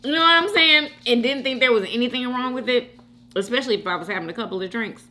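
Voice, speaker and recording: Speaking quickly in a fairly high voice, a woman hosts a mukbang, chatting casually and directly with viewers. She's animated, reacts to comments as they come in, and laughs frequently.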